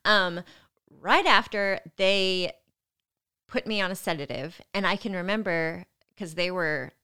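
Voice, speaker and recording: A woman's voice: lowish voice, measured pace, bright, forceful tone, clear, resonant tone. A woman animatedly telling a personal story in casual chat, often breaking into laughter. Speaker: guest telling her birth story.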